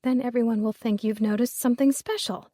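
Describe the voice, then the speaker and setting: A woman voicing a shrewd middle-aged mother who coaches her daughter in a brisk, urgent way. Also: on the high side, steady tone, warm tone, no room sound, clean studio sound, voice pushed up, natural voice.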